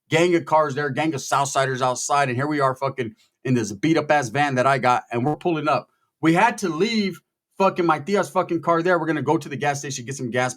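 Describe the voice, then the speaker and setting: A man telling a story in a casual, profane, animated way, acting out the people in it. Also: fairly high pitch. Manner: profane, animated, quotes people in their voices.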